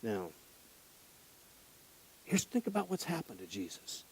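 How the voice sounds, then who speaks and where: A male pastor preaching a conversational sermon that swings between hushed, grave moments and impassioned emphasis. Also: medium pitch, big pitch swings, measured pace, pauses often, slightly rough, in a large hall, rough recording.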